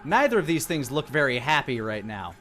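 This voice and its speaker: A man running a tabletop role-playing game as dungeon master, narrating scenes in a relaxed, descriptive way with playful sound-effect noises. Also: medium pitch, fairly quick, slight background noise.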